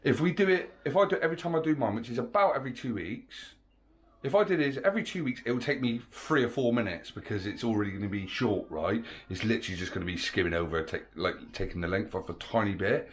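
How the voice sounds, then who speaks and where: A man's voice: mid-range voice, expressive, fast. A man, a parent, explaining his plan in a casual family vlog, chatty and persuasive. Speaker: parent vlogger.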